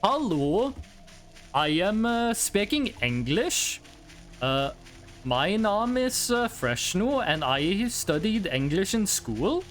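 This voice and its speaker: A streamer putting on a halting Norwegian English speaker. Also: mid-range voice, big pitch swings, faint music behind. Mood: halting, formal. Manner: slow, hesitant, formal and full of "uh".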